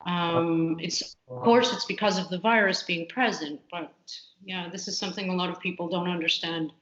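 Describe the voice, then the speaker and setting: A woman with a fairly low voice answers interview questions in a loose, candid way, stumbling through fillers and restarts. Her voice carries a roomy echo. The audio is muffled and lo-fi. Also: steady tone, moderate pace, fairly bright tone. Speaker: computational biologist guest.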